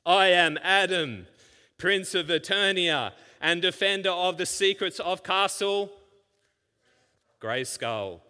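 A man putting on the voice of a heroic young male cartoon prince, loud and booming. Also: expressive, slow pace, smooth, exaggerated voice. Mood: triumphant. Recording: long hall reverb.

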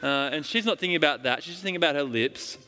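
Preacher in a big reverberant hall. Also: male voice, a little high, quick pace, pushed and bright, slight background noise. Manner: storytelling, emphatic, with repeated starts. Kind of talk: sermon.

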